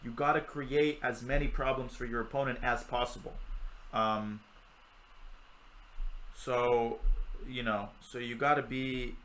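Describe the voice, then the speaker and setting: A man's voice: mid-range voice, fairly even intonation, a little slow, long pauses, fairly bright tone, low-quality recording. A young man giving live chess commentary on a stream, chatty and joking with his chat while he teaches.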